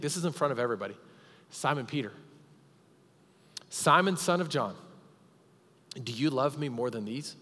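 A man's voice: medium pitch, fairly bright tone. Male pastor, live church sermon, dramatic storytelling, long hall reverb. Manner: storytelling, dramatic retelling with emphatic repetitions.

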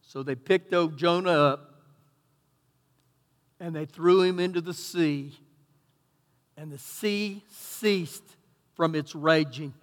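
A Texan man preaching a sermon as pastor, swinging between loud emphatic bursts and quieter asides. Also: a little high, takes it slowly, long pauses, big-room sound. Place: church sanctuary.

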